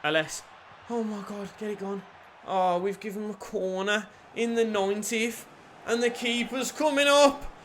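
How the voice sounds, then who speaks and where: A young man commentating his own football video game and chatting to viewers, shouting at goals and swearing at the referee. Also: sits high, moderate pace, slight background noise. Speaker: gaming YouTuber.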